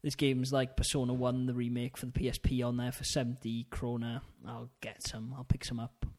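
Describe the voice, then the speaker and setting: A man's voice: medium pitch, monotone, brisk, darkish tone. A man co-hosting a podcast, talking about games in a rambling, chatty way with lots of ums and laughs. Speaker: podcast co-host. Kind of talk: casual chat.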